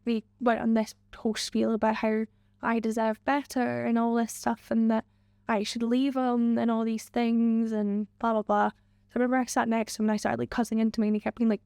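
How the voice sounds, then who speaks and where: A woman's voice: on the high side, flat delivery, fairly quick, creaky, mellow, clean tone, no echo, studio quality. A young woman telling a personal story in an interview, recounting past talk with quoted lines and many fillers.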